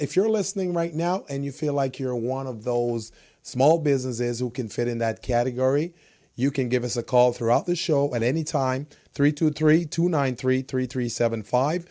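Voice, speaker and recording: A man co-hosting a talk radio show, hoarse from a cold, easygoing and quick to laugh. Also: medium pitch, dark tone.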